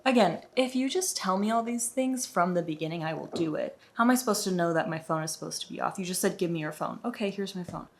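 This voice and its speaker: A woman's voice: fairly low pitch, fast, hardly any pauses, a little hiss or hum. Chatty young woman telling a story. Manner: chatty, exasperated, peppered with "like". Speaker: vlogger. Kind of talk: casual storytime.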